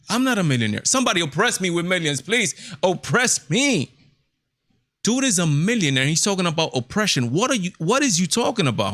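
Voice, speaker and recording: A man's voice: on the high side, pushed and bright, no echo. A man hosting a casual livestream, talking emphatically with lots of repetition. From Hispanic heritage, United States. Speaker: show host.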